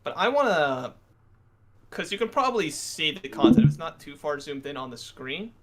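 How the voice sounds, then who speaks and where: Young man teasing a co-host, higher voice. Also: very animated, moderate pace. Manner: teasing, dry. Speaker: channel co-host. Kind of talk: casual reaction chat.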